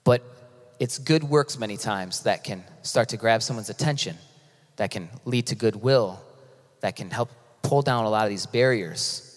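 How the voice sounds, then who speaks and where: A man preaching as pastor in a casual, impassioned sermon that swings between loud and hushed, with frequent restarts. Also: fairly low pitch, normal speed. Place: church sanctuary. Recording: long reverb of a large hall.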